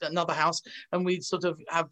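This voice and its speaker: A woman from England, an actress guest telling animated anecdotes over a video call and acting out the voices of the people in them. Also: fairly low pitch, fairly quick.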